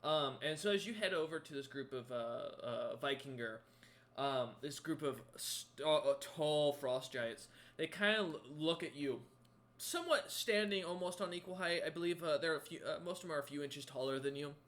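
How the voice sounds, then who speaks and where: A man's voice: on the high side, normal speed, a bit bright. A man narrating as game master of a tabletop role-playing game, rambling with many ums and self-corrections.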